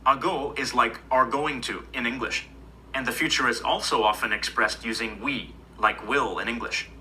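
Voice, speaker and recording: Bright-voiced man narrating a language lesson. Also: medium pitch, moderate pace, slight background noise, low-quality recording. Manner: even, explanatory. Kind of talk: scripted educational narration.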